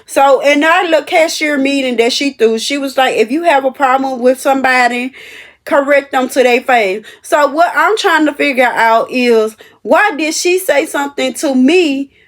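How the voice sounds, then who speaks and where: A young woman telling a story about her cashier job to her viewers, animated and emphatic. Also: high-pitched, moderate pace. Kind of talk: casual storytelling to camera.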